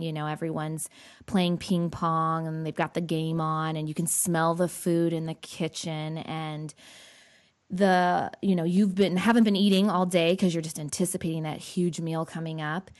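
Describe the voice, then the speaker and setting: Chatty woman podcast host. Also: lowish voice. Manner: chatty, animated, laughs often. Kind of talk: casual interview chat.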